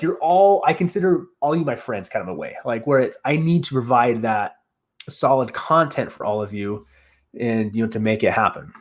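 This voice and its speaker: A man hosting a casual live stream, talking in an excitable, rambling way full of "like". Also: a little high. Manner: excitable, rambling, heavy use of "like". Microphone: streaming setup on camera.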